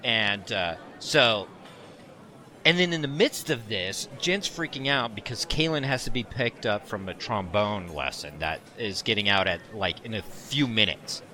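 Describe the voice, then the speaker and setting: A man co-hosting a podcast, telling a story in a casual, animated way and laughing often. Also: lowish voice, unhurried. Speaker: podcast co-host.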